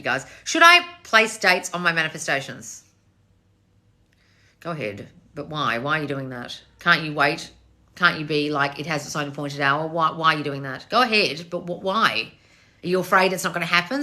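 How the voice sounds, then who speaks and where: A woman with a bright, clear voice hosts a casual live stream and reads viewer comments. She answers them bluntly, firing back rhetorical questions and swearing now and then. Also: on the low side. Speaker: manifestation coach reading live chat.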